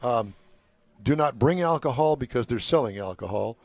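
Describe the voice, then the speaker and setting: A man's voice: mid-range voice, animated, normal speed, darkish tone, faint music behind. An older man hosting a live talk show from a car show, chatty and joking with his co-hosts. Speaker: host. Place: outdoor waterfront car show.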